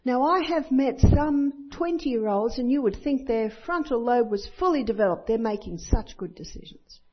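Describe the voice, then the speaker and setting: An older woman preaches a sermon built on personal stories, acting out the voices of children and other people. Her voice is fairly high with lively intonation at a normal speed. The Christian speaker's recording is dull and lo-fi.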